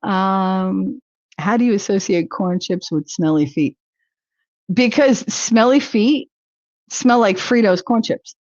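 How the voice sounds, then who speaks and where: A woman's voice: mid-range voice, slow, darkish tone, no echo, dull audio. A woman hosting a casual livestream talk show, chatting with viewers in a rambling way and laughing easily. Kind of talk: casual chat reacting to viewer comments.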